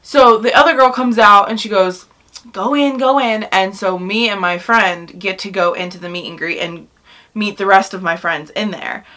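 A young woman in college telling a storytime vlog in a gushing, animated way, full of fillers and excited asides. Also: mid-range voice, normal speed. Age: young adult. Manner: gushing, animated, lots of "like" and "oh my god". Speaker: vlogger.

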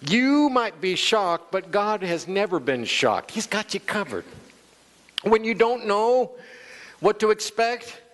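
A man's voice: high voice, big pitch swings, slow pace, a bit bright. A male pastor preaching a sermon, calling out to the congregation and acting out quoted voices. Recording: long church hall reverb.

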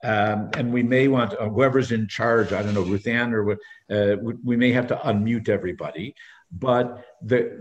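A man reading scripture aloud in a measured, unhurried way, then leading a study group discussion over a video call. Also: mid-range voice. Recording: roomy, dull lo-fi video call audio.

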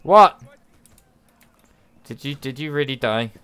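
A man's voice: medium pitch, animated, takes it slowly, fairly bright tone, smooth. A man streaming a game, chatting playfully with friends and his chat, humming along. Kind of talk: casual gaming livestream chat.

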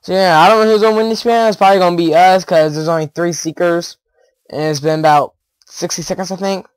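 This teenage gaming YouTuber talks fast and in a clean tone, chattering excitably through casual gameplay commentary with bursts of giggling and yelping. His voice runs high for a young man, captured close and dry on a headset mic with no echo.

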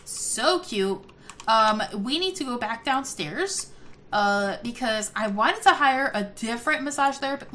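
Excitable woman narrating a life-sim game. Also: fairly high pitch, measured pace. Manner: excitable, gasps and laughs often. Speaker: gaming video host. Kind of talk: casual let's-play commentary.

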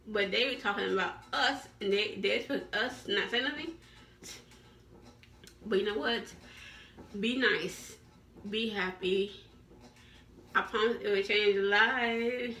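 A woman's voice: mid-range voice, moderate pace, pauses often, fairly bright tone, far from the mic. A woman vlogger giving a repetitive, preachy motivational talk to her viewers. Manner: repetitive, preachy, encouraging, restarts often.

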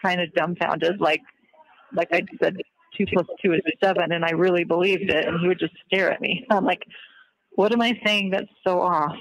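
A woman's voice: lowish voice, steady tone, moderate pace, dry recording, highs cut off. A woman on a recorded call, talking earnestly and reflectively, often trailing off as she searches for words. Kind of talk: reflective conversation.

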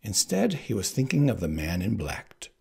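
A man reading a novel aloud in an expressive, animated way. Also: lowish voice, normal speed, vocal fry, husky. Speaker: reader. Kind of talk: audiobook narration.

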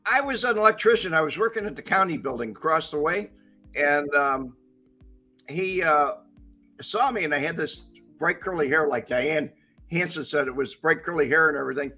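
A man's voice: a little high, lively intonation, moderate pace, sharp tone, faint music behind. An older man from Chicago, laid-back and chuckling as he tells old memories in a casual chat. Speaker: regular guest. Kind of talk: casual reminiscing.

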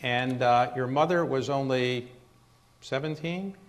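Measured male interviewer. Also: medium pitch. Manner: measured questions with hesitant fillers. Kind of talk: sit-down interview.

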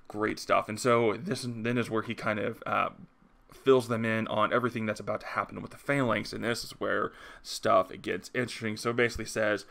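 A man's voice: lowish voice, steady tone, fairly quick, gravelly, pushed and bright. A man hosting his own comic review channel, chatting casually and enthusiastically with lots of fillers.

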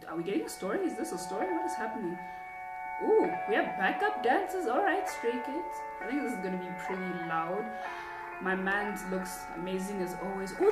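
A young woman with a low voice gushes and rambles excitedly as she reacts to a music video. She sits a little back from the mic in a roomy, echoing space, with the music faintly playing behind her. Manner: excitable, rambling fan chatter. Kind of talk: casual reaction commentary. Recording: roomy echo, distant from the mic.

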